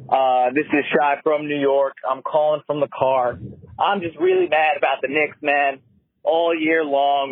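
A man's voice: fairly high pitch, dry recording, natural voice. A man playing a ranting fan caller on a phone. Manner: ranting, repetitive complaints. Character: fired-up male sports fan caller. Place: car. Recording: tinny phone line.

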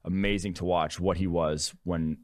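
A man's voice: low voice, fairly even intonation, normal speed. A man co-hosting a sports podcast, explaining his points in a wry, analytical way. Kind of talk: casual sports podcast chat.

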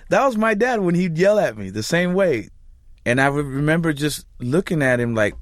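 A man's voice: on the high side, normal speed, dry recording, clean studio sound. A Cuban-born rapper, a man, telling stories animatedly in an interview. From Cuba. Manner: animated storyteller, mimics voices. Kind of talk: casual interview.

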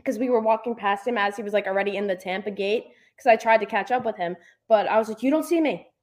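A young woman chatting casually as a hockey fan, telling animated stories and acting out what she said. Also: mid-range voice, fast talker. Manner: animated storytelling, acts out her own quotes. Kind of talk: casual chat.

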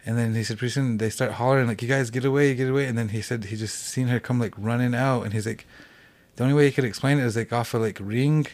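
A young man from a reservation tells ghost stories on a podcast. He talks fast in a loose, rambling way, piling up fillers and starting sentences over. His voice is mid-pitched. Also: steady tone, darkish tone. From Cheyenne reservation, United States. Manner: rambling, many "like" fillers and restarts. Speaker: podcast guest. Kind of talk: casual storytelling.

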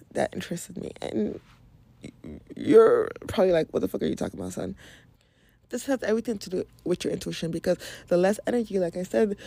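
A woman's voice: lowish voice, no echo. A woman from Nigeria hosting a podcast, talking casually and frankly about wellness, swearing freely and often laughing. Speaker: podcast host. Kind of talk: casual spiritual wellness monologue.

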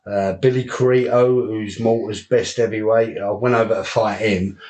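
A man, a boxer and promoter, telling rough fight stories in a casual interview, swearing often and laughing along. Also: on the low side, fairly even intonation, moderate pace, darkish tone. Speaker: guest, unlicensed boxer and promoter.

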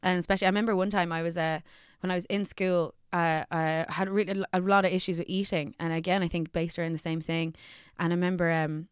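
A woman's voice: on the low side, little pitch movement, fast, few pauses, clean tone, no room sound, clean studio sound. A young woman, an actor, chatting candidly on a podcast, swearing freely and laughing as she talks. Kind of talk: casual chat.

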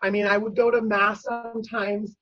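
A woman telling a personal story as a guest, animated and full of fillers, acting out other people's voices. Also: mid-range voice, moderate pace, highs cut off, slight background noise. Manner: animated, acts out quoted voices, many fillers.

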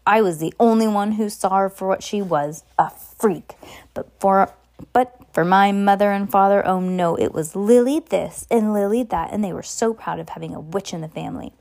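A woman's voice: medium pitch, darkish tone, close to an everyday voice. A woman voicing a bitter, resentful middle-aged aunt who rants spitefully, in an amateur audiobook reading. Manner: ranting and spiteful.

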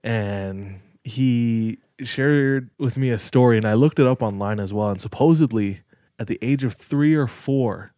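A man's voice: medium pitch, measured pace, warm tone, no room sound, studio quality. A young man on a podcast, telling stories in casual chat, with lots of "like" and "dog.". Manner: laid-back storyteller, says "like" and "dog" a lot. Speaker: podcast co-host.

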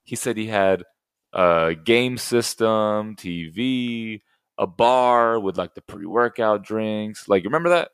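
A young man co-hosting a podcast in casual chat, telling animated stories and acting out the people he quotes. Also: on the low side, takes it slowly, clear, resonant tone, no echo, studio quality. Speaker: podcast co-host.

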